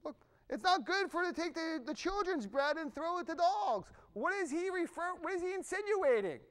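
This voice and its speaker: A middle-aged man preaching a sermon in a conversational, animated way, with asides to the congregation. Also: very high-pitched, moderate pace. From Irish family background. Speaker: pastor.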